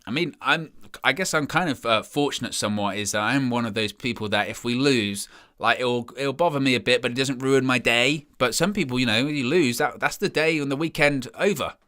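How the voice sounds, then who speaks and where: A young man hosts a live football watch-along, rambling gloomily about how his team is playing. His mid-range voice is bright and forceful, running a little fast with few pauses. He sounds dejected and self-mocking as he rambles on.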